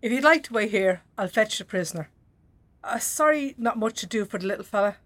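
An actress playing a jolly but firm female prison officer who hushes a rowdy group. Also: mid-range voice, lively intonation, very noisy, close to an everyday voice. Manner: brisk, coaxing, hushing a rowdy crowd. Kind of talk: film drama acting. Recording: film scene with a crowd of women behind.

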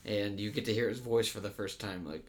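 A man with a somewhat low voice talks through a film scene in a loose, rambling way. He leans on fillers and restarts as he goes, in an easy co-host chat. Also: little pitch movement, fairly quick, a little hiss or hum. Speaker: podcast co-host. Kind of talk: casual movie discussion.

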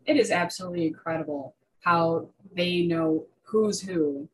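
A woman's voice: fairly low pitch, unhurried, rough recording. A young woman in a casual interview, chatty and enthusiastic, with lots of fillers and restarts. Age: young adult. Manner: enthusiastic about reptiles. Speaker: guest artist.

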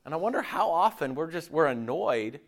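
A man preaching a sermon in an animated way, checking in with his listeners often. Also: a little high, normal speed. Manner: animated, acts out quoted voices, checks in with "right?" and "okay?".

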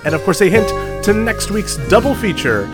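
A man's voice: sits high, sing-song, normal speed. A man co-hosting a movie podcast, chatting casually with restarts, laughing often. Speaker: podcast co-host. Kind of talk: casual chat. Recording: music playing underneath.

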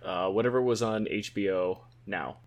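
Lower-voiced man with dry quips. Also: moderate pace. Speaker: podcast co-host. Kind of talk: casual chat.

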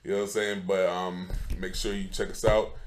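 Laid-back low-voiced male podcast host. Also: flat delivery, a little fast, a little hiss or hum. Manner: laid-back, joking, slangy. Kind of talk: casual chat.

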